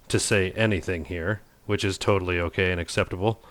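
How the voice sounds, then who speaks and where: A man's voice: sits low, fairly even intonation, normal speed, a bit bright, no room sound. A man hosting a casual cooking video, talking in a playful, goofy way with self-mocking jokes. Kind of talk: casual cooking vlog narration.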